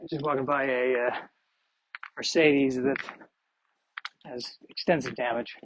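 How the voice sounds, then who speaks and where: Walking outdoors on a street, a male podcast host rambles through self-deprecating thoughts on his solo show. His medium-pitched voice is unhurried and fairly even, and the muffled lo-fi recording carries a little hiss or hum.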